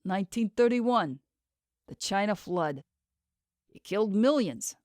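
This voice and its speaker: A woman's voice: medium pitch, expressive, a little slow, darkish tone, dry recording, clean studio sound, natural voice. A woman voicing a troubled male professor.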